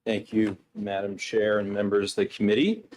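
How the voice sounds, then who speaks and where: A man representing a business association, giving polished, measured testimony to a senate committee. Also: on the low side, fairly even intonation, darkish tone. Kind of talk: formal testimony. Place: state senate hearing room.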